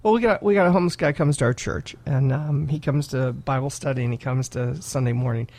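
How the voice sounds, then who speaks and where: A man who is a pastor, chatting casually on a podcast, earnest and laughing often, with halting restarts. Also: mid-range voice, a little mellow.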